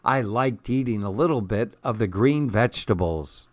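A man's voice: on the low side, animated, normal speed, dry recording. A man reading aloud, voicing a polite, sensible little girl in a storybook.

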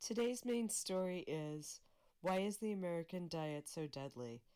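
A woman volunteer reader reading a magazine article aloud in a steady, measured way, with small slips she corrects herself. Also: fairly low pitch, clear, resonant tone.

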